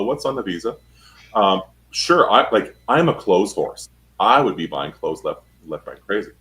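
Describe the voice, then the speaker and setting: A man's voice: deep voice, a bit bright, low-quality recording. A man speaking as a studio guest on a talk show, explaining speech emphatically with spoken examples. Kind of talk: instructive studio chat.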